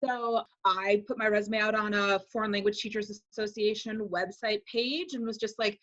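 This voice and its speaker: A woman in her forties from Wisconsin, a high school teacher telling her story as an interview guest, animating quotes in a chatty way. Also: moderate pace, few pauses, lo-fi sound. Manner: animated, acts out quoted speech with "like".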